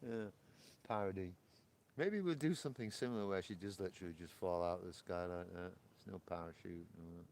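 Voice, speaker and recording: A man from Britain, hosting a casual livestream chat, laughing often and swearing in excitable outbursts. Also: sits low, brisk, a little hiss or hum. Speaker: livestream host. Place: porch, outdoors.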